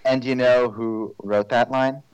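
A man's voice: mid-range voice, fairly even intonation, unhurried, clear, resonant tone, no room sound, low-quality recording. A man chatting casually with a co-host about a musical, asking wry, joking questions. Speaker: podcast co-host.

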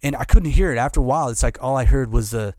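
A man's voice: medium pitch, a little mellow, dry recording, studio quality. A middle-aged man telling a hard personal story as an interview guest, candid and emotional, stumbling and repeating his words. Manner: halting, restarts, repeats words; candid and emotional, says dude. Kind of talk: casual conversation, personal story.

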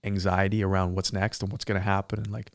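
A man's voice: low voice, level tone, fast, dry recording, studio quality. A man telling a personal story in casual conversation, reflective and searching for words with frequent fillers.

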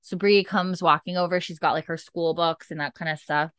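A woman's voice: on the low side, fairly even intonation, a little fast, a bit bright, clear, resonant tone, no room sound. A woman on a podcast, casually retelling a TV episode scene by scene and acting out the lines with lots of "she's like". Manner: chatty, retells dialogue with "she's like", laughs often. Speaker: podcast host recapping an episode.

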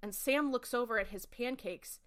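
Bright-voiced woman recapping a show. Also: fairly high pitch. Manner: quick, lively retelling with quoted lines. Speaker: podcast co-host. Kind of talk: casual recap chat.

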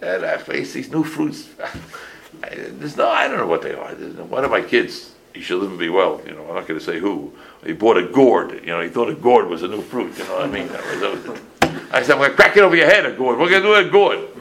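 A man in his sixties, a rabbi giving a casual halacha class full of stories, talking in an animated way with many restarts and Yiddish phrases. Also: low voice, fairly quick, gravelly, a little hiss or hum, low-quality recording.

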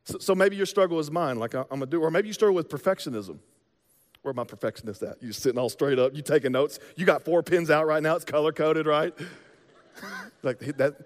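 A man preaching a sermon as pastor, in a conversational, joking way with casual slang. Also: mid-range voice. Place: church sanctuary. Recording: long reverb of a large hall.

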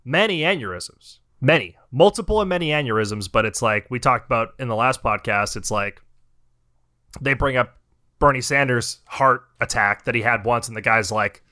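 A man's voice: medium pitch, normal speed, sharp tone. A young man hosting a podcast, ranting in heated, profane casual chat. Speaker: podcast host.

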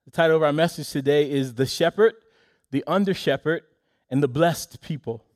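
A man with a high, light voice preaching a Sunday sermon. He talks in a measured way and circles back to the same phrases. He slows right down when he stresses a line. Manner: measured preaching, repeats key phrases with slow emphasis; soft, low reading of scripture. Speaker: pastor.

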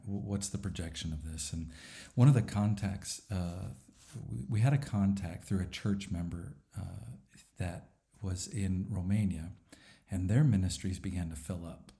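A middle-aged man, a pastor and church planter, speaking thoughtfully in a podcast interview with frequent "uh" pauses. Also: deep voice, warm tone. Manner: thoughtful, with many "uh" fillers and a light laugh.

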